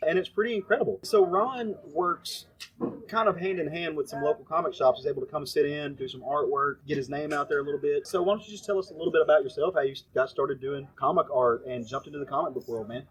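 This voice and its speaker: A man's voice: fairly high pitch, fairly even intonation, quick pace. A man hosting a podcast, chatting casually and upbeat, recording live at a comic convention. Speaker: podcast host. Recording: roomy echo.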